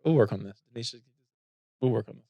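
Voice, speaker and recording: A man's voice: medium pitch, fairly quick, vocal fry, dry recording, lo-fi sound. A man hosting a podcast in casual chat, teasing his co-host in a playful way.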